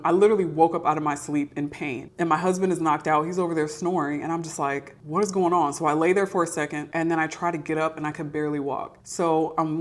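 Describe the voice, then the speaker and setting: Low-voiced woman sharing testimony. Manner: earnest, confessional, with emphatic repetition. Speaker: podcast host sharing testimony. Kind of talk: personal testimony, casual and candid.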